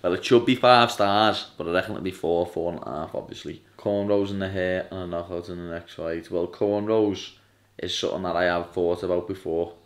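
A young man with a strong Scouse accent talks casually to his vlog camera in a low voice. He is loud and blunt, swears freely and drops "lad" into almost every sentence. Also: steady tone, fairly quick. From Liverpool, England. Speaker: fighter vlogging.

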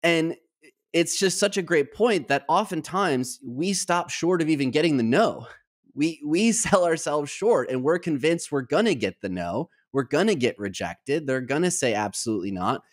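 Animated storytelling podcast co-host, man. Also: a little high, moderate pace. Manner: animated anecdotal storyteller, acts out quoted dialogue.

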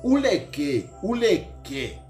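Very slowly, in a high-pitched, very animated and slightly mellow voice, a middle-aged Zambian man with a Zambian accent lectures and scolds an opponent. An opposition politician, he repeats phrases and his points and blends local words into English, and roomy echo and faint music fill the recording.

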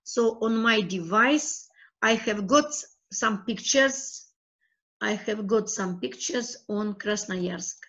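A woman from Russia, a teacher talking through a screencast tutorial in a halting way that repeats her words as she clicks. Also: medium pitch, a bit bright, dull audio.

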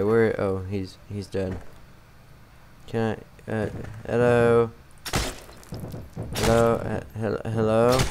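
A man giving casual, rambling commentary while playing a game, poking fun at himself and getting excitable. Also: fairly low pitch. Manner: rambling, self-mocking, excitable. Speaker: gamer. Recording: noticeable background noise.

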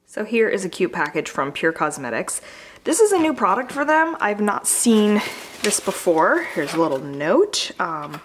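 A woman's voice: mid-range voice, very animated, moderate pace. A woman beauty vlogger and makeup artist, chatting casually and enthusiastically as she unboxes products, with plenty of fillers.

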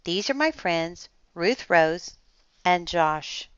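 A woman's voice: on the low side, lively intonation, slow pace, a bit bright, smooth, no room sound, lo-fi sound. A woman voicing a worried, guilt-stricken young boy who mumbles, in a storybook reading.

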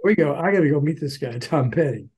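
An older man, a former record promoter, telling animated anecdotes in a podcast interview and acting out the quotes. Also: on the high side, fast, breathy edge, poor audio.

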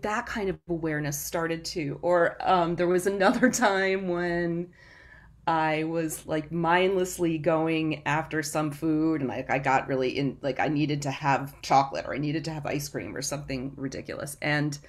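Rambling, low-voiced woman guest. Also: a little slow. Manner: rambling, self-interrupting, laughs often. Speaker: podcast guest. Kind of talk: casual interview chat.

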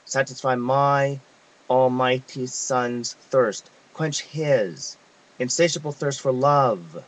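A man reading a devotional text aloud, in a measured, reverent way with pauses. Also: medium pitch, poor audio. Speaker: reader of devotional messages.

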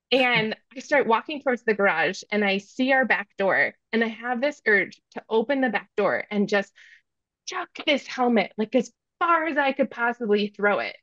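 A woman's voice: a little high, animated, moderate pace, fairly bright tone, no room sound, lo-fi sound. A woman in her thirties, a podcast guest, candidly recounting a parenting story with many fillers and self-reflection.

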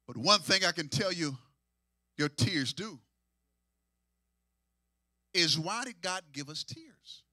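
A man a sermon as pastor, shouting and half-singing in rising waves and repeating phrases to draw responses. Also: a little high, expressive, takes it slowly, long pauses, no room sound, studio quality. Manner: shouting, sing-song preaching with repetitions.

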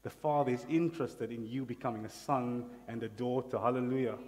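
A man's voice: mid-range voice, steady tone, brisk, darkish tone, big-room sound. A man preaching a sermon as pastor, emphatic, asking the congregation to repeat words after him. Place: church hall.

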